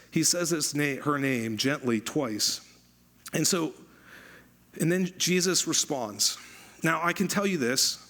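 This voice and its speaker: A man preaching a sermon as pastor, conversational and animated, repeating phrases for emphasis. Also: fairly high pitch.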